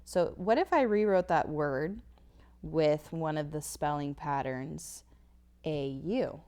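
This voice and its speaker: A woman with a deep voice and dark tone walks through phonics slides, patiently and slowly sounding out each word. The lesson was recorded on a tablet whiteboard.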